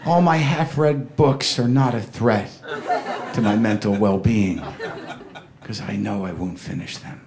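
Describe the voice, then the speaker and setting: A man's voice: lowish voice, a little slow, very noisy. Neurotic middle-aged male stand-up comic. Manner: neurotic, rambling storytelling that jumps into acted-out quotes. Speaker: stand-up comedian. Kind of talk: stand-up comedy set. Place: comedy club stage with a live audience.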